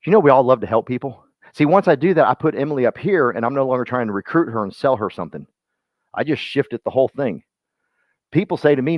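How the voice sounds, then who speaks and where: A man's voice: medium pitch, lively intonation, fairly quick, no room sound. A man leading his team in a motivational talk, folksy and rambling, calling on listeners by name. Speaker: team leader speaking to his real estate agents. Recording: dull lo-fi dry sound.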